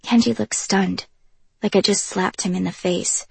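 Woman reading a novel out loud in first person, breathy voice, dry close mic. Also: mid-range voice, steady tone, normal speed, no room sound. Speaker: audiobook narrator. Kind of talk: first-person scripted narration.

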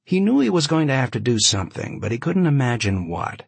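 Expressive, husky male audiobook narrator. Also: mid-range voice, a little fast, no room sound. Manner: vivid, expressive storytelling. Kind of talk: scripted narration.

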